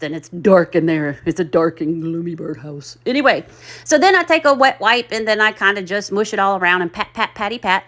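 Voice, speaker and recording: A woman's voice: a little high, pushed and bright. A middle-aged woman, chatting in a rambling, folksy, self-deprecating way as she narrates her craft project. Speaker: craft channel host. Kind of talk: chatty DIY voice-over.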